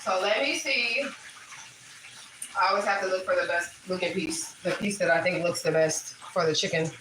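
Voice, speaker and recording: A woman's voice: lowish voice, moderate pace. Lady chatting on a live while she cooks, cusses, laughs, echoey kitchen, bit of noise. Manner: loose storytelling, swearing, laughing. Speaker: livestream host and spiritual reader. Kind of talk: casual livestream chat while cooking. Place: home kitchen.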